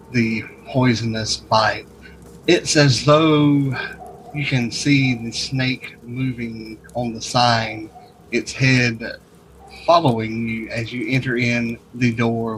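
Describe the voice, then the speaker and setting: A man narrating a tabletop game as dungeon master, setting each scene in slow, descriptive detail. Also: mid-range voice, a bit bright, a little hiss or hum, rough recording.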